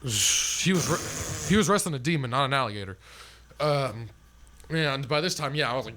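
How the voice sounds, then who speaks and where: A man's voice: medium pitch, expressive, normal speed, bright, forceful tone. A man telling a long, rambling story as a podcast guest, swearing freely and packing in fillers. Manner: rambling and profane, heavy on fillers.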